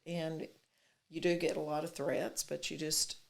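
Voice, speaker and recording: A woman's voice: low-pitched, flat delivery, a little slow, creaky. An older woman with a thick Texas accent, a city mayor telling stories as an interview guest, often acting out both sides of past conversations. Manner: chatty storyteller who acts out quoted exchanges. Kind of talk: casual interview chat.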